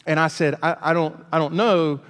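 A man from Alabama, preaching a storytelling sermon in a folksy, animated way. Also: on the high side, normal speed. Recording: long hall reverb.

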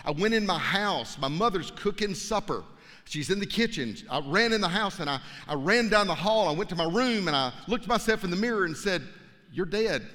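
A man preaching a sermon as a pastor, telling a personal story dramatically, dropping to hushed tones and rising to fervent preaching. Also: high voice, animated, a little fast. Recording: long hall reverb.

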